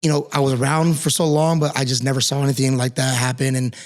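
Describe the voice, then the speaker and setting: A man's voice: mid-range voice, level tone, quick pace. A man hosting an interview, talking in an earnest, candid way and swearing freely. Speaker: host. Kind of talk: casual interview chat.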